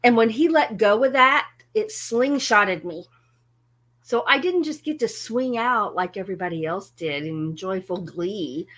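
Woman telling a story, laughs a lot, teases herself, talks slow with a bouncy voice. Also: mid-range voice. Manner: laughs often, animated and self-mocking. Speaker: music channel host. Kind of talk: casual storytelling to a live audience.

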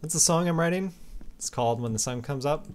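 A man hosting a casual gaming video, chatty and playful, reading out player messages and shouting now and then. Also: fairly high pitch, a little fast. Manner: chatty and playful, bursts into yells. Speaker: Minecraft server host reading player messages.

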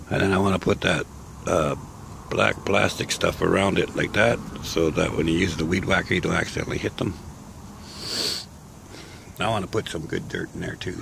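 A man talking casually outdoors in a vlog, sounding sick and short of breath, slow and rambling with pauses. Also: low-pitched, creaky, background noise. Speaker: vlogger. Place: outdoors in a garden grove.

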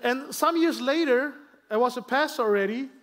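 A man from Germany with a German accent, a guest pastor preaching in halting English with self-deprecating humor and many restarts. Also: extremely high pitch, fairly bright tone. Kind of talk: sermon with personal stories. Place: church sanctuary.

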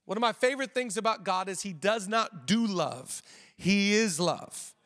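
A man with a high voice delivers a sermon in a relaxed, conversational way, often repeating himself and slipping in jokes. A long reverb from the church auditorium trails behind his words. He sounds middle-aged. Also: moderate pace. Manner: conversational preaching with repetitions and jokes. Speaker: pastor.

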